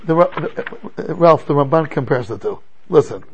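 Animated gravelly rabbi teaching. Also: male voice, on the high side, normal speed, lo-fi sound, slight background noise. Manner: animated, rhetorical questions, frequent stammering restarts. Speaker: rabbi teaching a Torah class. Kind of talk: animated Torah lecture.

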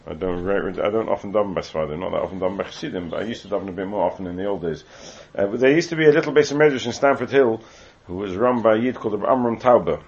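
A deep, gravelly, husky and slightly mellow voice belongs to a man from England teaching Torah. He reads Hebrew text aloud and explains it in English with asides, in a Talmudic lecture. It's captured in a muffled, lo-fi recording.

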